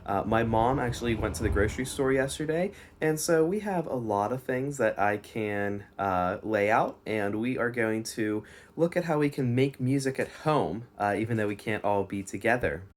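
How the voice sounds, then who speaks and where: A man's voice: medium pitch, lively intonation, moderate pace. A young man giving a home music lesson in his kitchen, explaining step by step and chanting words in rhythm. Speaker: music teacher.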